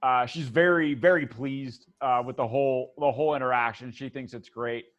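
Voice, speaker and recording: A man narrating as game master of a tabletop game, animated and often laughing, with many restarts. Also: mid-range voice, normal speed, highs cut off.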